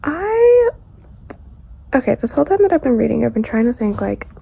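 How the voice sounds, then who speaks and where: A young woman book vlogger talking casually and quietly, often dropping into a whisper. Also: fairly high pitch, sing-song, normal speed, gravelly, breathy edge, phone-quality sound. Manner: soft, hushed, often whispering. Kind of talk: casual reading vlog.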